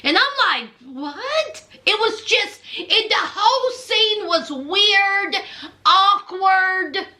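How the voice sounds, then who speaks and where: A woman's voice: extremely high pitch, slow pace. A woman, chatting casually through a recap of a reality TV episode, dramatic and talking straight to her viewers. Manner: animated, dramatic, addresses viewers as y'all.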